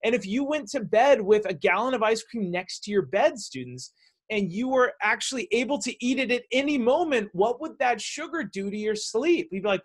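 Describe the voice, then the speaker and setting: A middle-aged man hosting an interview, telling a story in a lively way and acting out the voices he quotes. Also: high voice, moderate pace. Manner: animated, acts out quoted voices. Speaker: show host.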